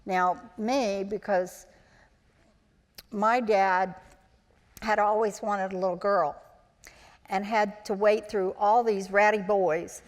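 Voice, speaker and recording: A woman's voice: medium pitch, fairly even intonation, takes it slowly, long pauses. A woman in her sixties, a former child actor, telling chatty anecdotes on stage at a live interview, acting out the voices she quotes. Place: large auditorium, live event. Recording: live hall with long reverb.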